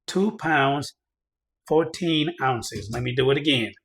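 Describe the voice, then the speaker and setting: Male reviewer, casual demo, talks to his viewers, gets excitable, mid-range voice, faint background noise. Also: mid-range voice, slow. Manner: chatty, addresses viewers directly, excitable when reading results. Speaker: firearms reviewer. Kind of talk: casual hands-on product demo.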